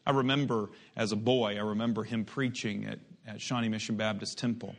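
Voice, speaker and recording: A middle-aged man preaching a sermon, reading scripture slowly with rising emphasis, then turning quieter and reflective. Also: on the low side, steady tone, vocal fry. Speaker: pastor.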